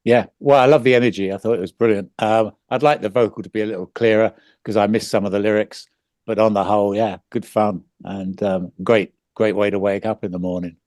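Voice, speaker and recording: Man, panel judge, easygoing review, lowish voice, dry sound. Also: fairly even intonation, brisk, a little mellow, dry recording. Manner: easygoing, upbeat verdicts. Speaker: panel judge, record producer.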